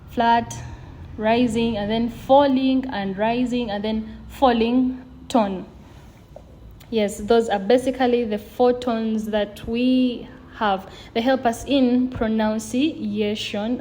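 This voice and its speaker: A woman hosting a video lesson, slowly and patiently drawing out example sounds to demonstrate tones. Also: a little high, mellow, slight background noise. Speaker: language teacher.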